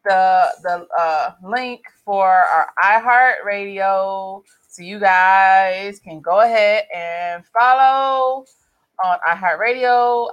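A woman's voice: mid-range voice, takes it slowly, fairly bright tone, poor audio. A woman co-hosting a casual podcast, laid-back and amused in her replies. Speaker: podcast co-host.

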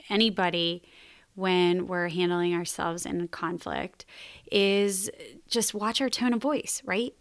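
A woman's voice: medium pitch, dry recording, studio quality. A woman hosting a podcast, giving earnest, faith-based parenting advice in a conversational way with small laughs. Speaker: podcast host and mother.

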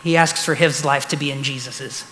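A man's voice: medium pitch, fairly even intonation, normal speed, sharp tone. A man preaching a sermon as pastor, earnest and building to emphatic declarations. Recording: echoey hall.

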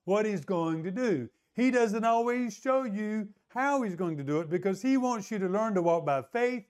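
A man's voice: high voice, expressive, normal speed, darkish tone, clear, resonant tone. A male pastor preaching a sermon in a conversational way, often asking the congregation to agree.

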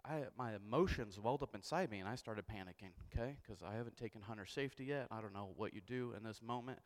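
A young man preaching a sermon, telling a comic story with animated, self-mocking delivery and frequent asides of "okay?". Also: on the low side, fast. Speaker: pastor. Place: church sanctuary. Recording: long church hall reverb.

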